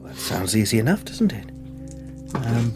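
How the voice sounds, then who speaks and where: A man at a tabletop game with a mid-pitched voice and wry asides. Music runs behind. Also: very animated, unhurried. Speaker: player. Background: background music.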